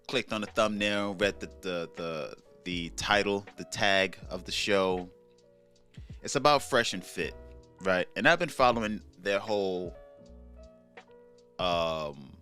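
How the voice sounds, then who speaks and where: A man's voice: deep voice, fairly bright tone. A young man with a New York accent hosting a solo commentary show, laid-back and slangy, stretching out words for emphasis. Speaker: commentary channel host.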